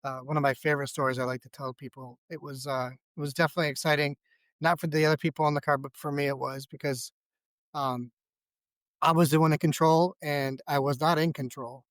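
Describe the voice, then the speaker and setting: A man's voice: a little high, steady tone, fairly quick, a bit bright, no echo. A man on a podcast telling a long personal story in a rambling, self-deprecating way, with many fillers and restarts. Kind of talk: casual storytelling.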